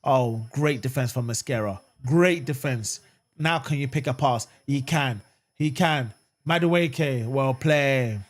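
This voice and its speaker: A man with a mid-range voice talks slowly while hosting a live watchalong of a football match for his fan channel. Animated, he goes back and forth between calm chatting with viewers, reading and answering what they write, and outraged eruptions at the referee.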